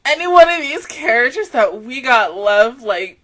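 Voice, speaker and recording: Excitable high-voiced woman reacting to anime. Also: moderate pace. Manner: excitable, swears freely, swings from soft to loud. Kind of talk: casual reaction commentary.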